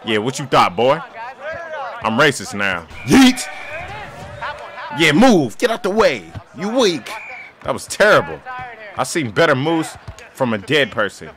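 A young man gaming on camera and commentating his soccer match, joking, trash-talking the players and breaking into sudden yelling outbursts. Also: medium pitch, wildly swooping pitch, a little slow, pauses often. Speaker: gaming YouTuber. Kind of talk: playing a soccer game and commentating.

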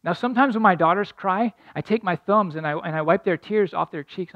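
A man's voice: sits high, fairly quick, no room sound, highs cut off. A middle-aged man preaching a sermon as pastor, telling a story earnestly and building to emphatic points.

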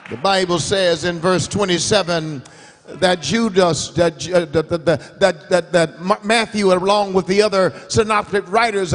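A man preaching a revival sermon in a church, with an emphatic cadence that swings between shouted and sung phrases. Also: sits high. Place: church sanctuary. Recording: long church hall reverb.

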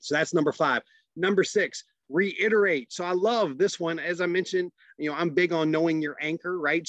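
A man's voice: a little high, a bit bright, no echo, dull audio. A man teaching a webinar lecture in a casual, conversational way, often tagging his sentences with "right?". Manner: conversational, frequent "right?" tag questions. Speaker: instructor.

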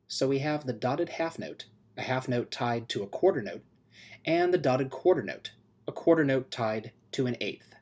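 A man teaching music theory in a scripted video lesson, explaining clearly and steadily and chanting rhythm syllables. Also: medium pitch, lively intonation, normal speed. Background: music playing.

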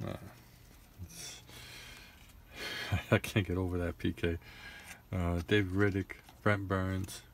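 A man's voice: deep voice, level tone, takes it slowly, long pauses, slight background noise. A young man casually opening trading card packs, rattling off names and grumbling in frustration.

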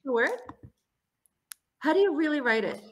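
A woman working as an English tutor on a video call, relaxed and quick to laugh as she asks short questions. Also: sits high. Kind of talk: casual chat in an online lesson.

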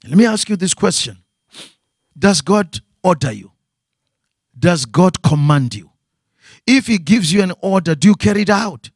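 A man's voice: sits high, expressive, a little slow, pauses often, no echo, studio quality. A man preaching a sermon as pastor, asking rhetorical questions and repeating phrases.

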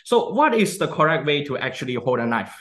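A young man walks through a cooking demonstration in a chatty, easygoing way, checking in with "okay?" after nearly every step. His voice sits a little high for a man. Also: sing-song, fairly quick, a bit bright. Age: young adult. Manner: chatty, repeats "okay?" often.

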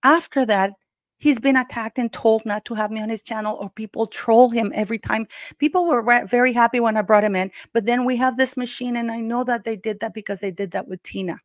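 A woman's voice: a little high, a little fast, no echo, studio quality. A woman hosting her own channel, giving heated, emphatic commentary and speaking straight to her viewers as "guys". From Canada. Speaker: YouTube channel host.

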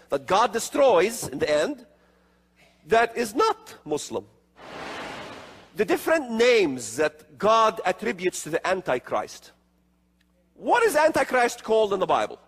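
A husky, high-pitched man lectures on prophecy in an emphatic, sweeping voice. He fires off rhetorical questions and sarcastic asides. The sound carries a long hall reverb. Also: a bit bright. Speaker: religious speaker.

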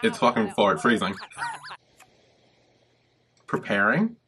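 A man hosting a reaction video, talking casually and excitably, swearing freely and exclaiming at what he sees. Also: lowish voice, takes it slowly, crowd noise.

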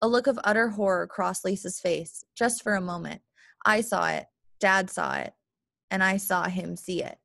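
A woman narrating an audiobook in measured first-person storytelling. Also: medium pitch, vocal fry, fairly bright tone, dry recording, studio quality. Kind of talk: audiobook reading.

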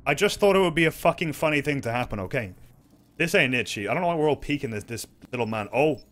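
A young man giving live, excitable commentary while playing a shooter game, swearing and laughing often. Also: mid-range voice, fast, faint music behind. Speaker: streamer.

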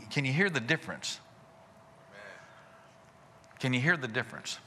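A male pastor preaching a sermon in a folksy way, asking rhetorical questions and chuckling softly. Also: mid-range voice, expressive, moderate pace, long pauses, long reverb tail, slight background noise.

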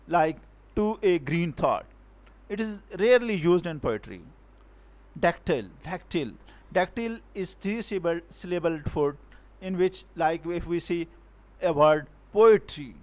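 A male teacher giving a recorded poetry lecture, talking slowly and haltingly, restarting words and sounding out syllables and stresses aloud. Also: high-pitched, darkish tone. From Pakistan.

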